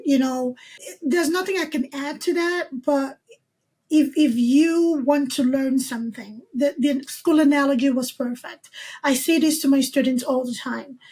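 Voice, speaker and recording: High-voiced woman podcast host. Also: darkish tone. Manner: earnest, emphatic, lists points. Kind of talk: podcast interview conversation.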